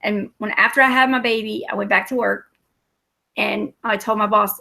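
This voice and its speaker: A woman's voice: mid-range voice, fairly even intonation, moderate pace, vocal fry, bright, forceful tone. A woman, telling rambling, profane, self-mocking stories in casual talk. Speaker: storyteller. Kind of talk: casual storytelling.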